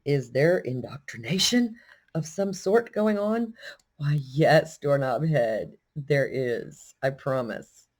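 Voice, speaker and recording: An older woman from Texas with a Texan accent, telling a story in a casual, animated, self-deprecating way. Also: deep voice, slow. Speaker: vlogger.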